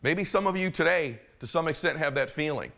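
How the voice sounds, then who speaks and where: A middle-aged man giving a motivational keynote, telling a story with animated delivery and acting out the other people in it. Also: a little high, brisk, creaky. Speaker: motivational speaker.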